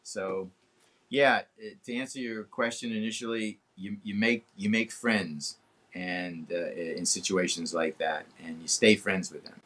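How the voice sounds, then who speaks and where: A man in his seventies, a guest telling a long, animated story in an interview, swearing freely. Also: measured pace. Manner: animated, swearing, acts out quotes with big pitch jumps. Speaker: guest actor. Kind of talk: anecdotal storytelling in a podcast interview.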